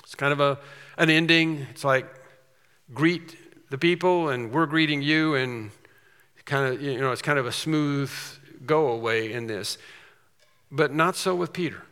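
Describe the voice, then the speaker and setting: A man preaching an expository sermon, emphatic, slowing down and repeating phrases for stress. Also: a little high, bright, forceful tone, clean tone. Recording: long hall reverb.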